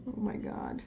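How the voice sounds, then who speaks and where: This crafting vlogger, a middle-aged woman from Philadelphia with a South Philadelphia accent, rambles and laughs a lot while chatting casually over her work. The recording sounds muffled, with slight background noise.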